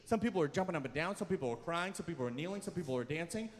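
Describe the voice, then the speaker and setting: A young man doing stand-up comedy at a live event, telling self-deprecating stories with sudden shouts. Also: a little high, lively intonation, rapid-fire. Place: large hall, live event. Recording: long hall reverb from a live venue.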